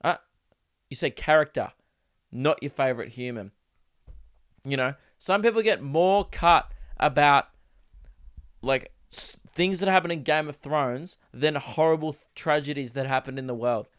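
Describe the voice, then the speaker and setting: Sick and coughing, a young Australian podcast host speaks at a measured pace in a smooth voice on the high side. His casual solo rant rambles, with lots of swearing, self-interruptions and restarts, and he performs the voices of people he quotes.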